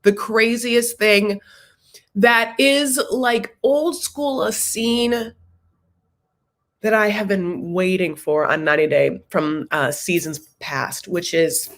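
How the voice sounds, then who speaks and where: A woman hosting a casual TV recap, talking in an animated, sassy, chatty way. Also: medium pitch, slow pace. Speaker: host.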